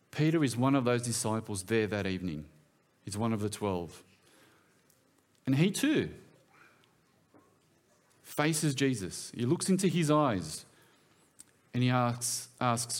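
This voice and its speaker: A man's voice: mid-range voice, big pitch swings, unhurried, pauses often. A man preaching in a church, talking in a conversational way and often putting questions to his listeners. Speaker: pastor. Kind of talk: sermon.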